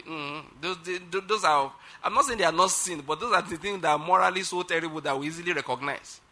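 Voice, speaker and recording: A male pastor preaching a sermon, leading loud declarations for the congregation to repeat and dropping to quiet guidance for prayer. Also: on the high side, fast, few pauses. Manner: drops to soft, quiet guidance during prayer.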